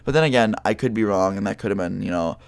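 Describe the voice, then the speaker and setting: A young man tells a personal story straight to camera. He rambles loosely, with fillers and swearing. His voice sits low and the sound is close and dry, with no room behind it. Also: quick pace, creaky, no echo. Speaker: vlogger telling a story. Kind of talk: casual storytime monologue.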